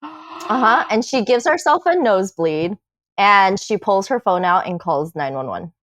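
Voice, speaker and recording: A woman on a podcast telling her own story in casual chat, animated and swearing, acting out what people said. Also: mid-range voice, unhurried, dry recording. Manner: animated, swearing, acts out quotes.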